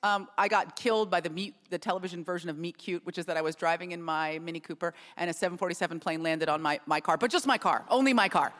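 Woman, comedic guest, lively self-mocking storyteller, hall reverb on the voice. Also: fairly low pitch, quick pace, few pauses. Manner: animated, self-mocking, jokey. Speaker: comedian and actor, show guest. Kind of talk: comic storytelling interview.

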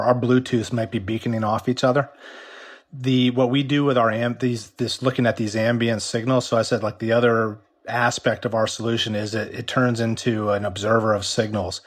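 A man answering interview questions in a mid-range voice, talking things through with many restarts. His voice is going, a little worn and strained. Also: mid-range voice. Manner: explanatory, with frequent restarts. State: losing his voice. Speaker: company executive interviewed about a workplace app. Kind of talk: remote news interview.

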